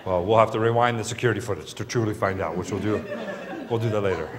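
A man's voice: fairly low pitch, quick pace. A man hosting a comedy hypnosis show on stage, teasing his volunteers with playful banter. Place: stage in a large hall. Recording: large hall with loud crowd.

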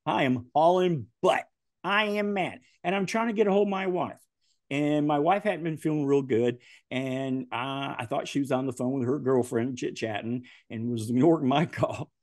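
A man's voice: medium pitch, normal speed, no room sound, studio quality. A man, a podcast guest telling stories in casual chat and laughing often. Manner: animated, laughing often through his stories.

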